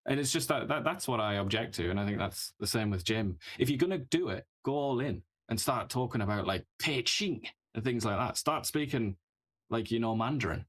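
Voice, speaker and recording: A man co-hosting a casual political talk show, chatty and quick to laugh between points. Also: mid-range voice, lively intonation, fairly bright tone. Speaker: co-host.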